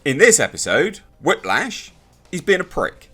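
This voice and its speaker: A young man reviews a TV episode casually, sounding sarcastic and exasperated and doing mocking impressions. His voice is on the high side, unhurried, bright and forceful with a breathy edge and huge pitch swings, over a faint music bed.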